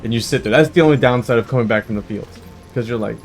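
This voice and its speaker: A man's voice: mid-range voice, fast talker. Joking young man rambling over game music. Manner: rambling, jokey, animated with sudden loud bursts. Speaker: gaming channel host. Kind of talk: casual storytelling over gameplay. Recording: faint background music.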